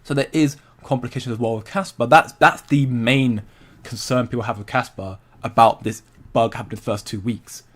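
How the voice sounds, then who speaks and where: A young man hosts a relaxed livestream, talking at an ordinary, mid-range pitch. He rambles in a loose, conversational way, breaks off to greet viewers and answer their comments, and laughs easily. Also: normal speed. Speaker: crypto livestream host. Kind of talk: casual livestream chat.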